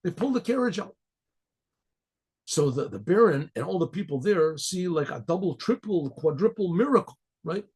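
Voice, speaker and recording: Male rabbi storyteller, slightly high and breathy voice, halting delivery full of repeated words. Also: lively intonation, a little mellow, rough recording. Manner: clears throat often, stumbles and repeats words. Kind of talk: casual oral storytelling.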